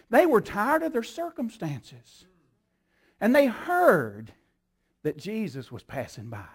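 High-voiced, emphatic older preacher. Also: male voice. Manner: emphatic, repetitive preaching cadence. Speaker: pastor. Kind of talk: sermon.

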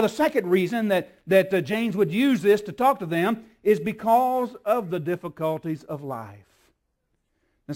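A man with a high voice preaches a sermon to his congregation. He drops to a soft, low hush and then builds back up to loud, ringing peaks. He keeps asking the room for an amen. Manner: call-and-response with the congregation. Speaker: pastor.

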